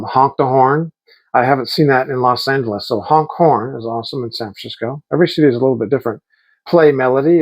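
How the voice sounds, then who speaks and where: The audio is poor on this casual vlog, where a middle-aged man with a mid-range voice excitedly rambles through stories and mimics the voices of people he quotes.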